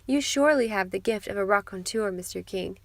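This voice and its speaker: A woman's voice: medium pitch, a little fast, no room sound, close to an everyday voice. A woman voicing a gushing, snobbish society mother who talks in an affected, effusive way.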